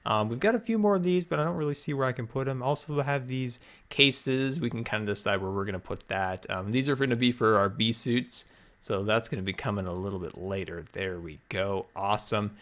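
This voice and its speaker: On the low side but a bit bright, this man's voice moves fairly quickly as he hosts a Minecraft let's play. He chats cheerfully, talking through his moves while slightly breathless.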